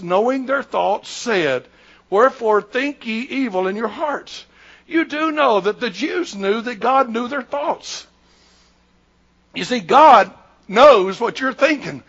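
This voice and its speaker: A man's voice: very high voice, gravelly, a bit bright, breathy edge, dull audio. A man in his sixties, a pastor preaching a sermon in an emphatic, repetitive, conversational way.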